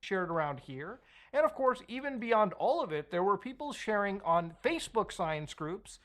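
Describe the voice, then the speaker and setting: A man's voice: high-pitched, very animated, moderate pace, fairly bright tone. A man narrating a commentary video in a conversational, skeptical way. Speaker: online commentator.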